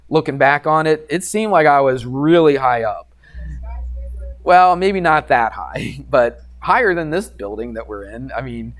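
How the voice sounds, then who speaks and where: A male math teacher telling a classroom story in a lively lecture, acting out quoted voices and sound effects for his students. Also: fairly high pitch.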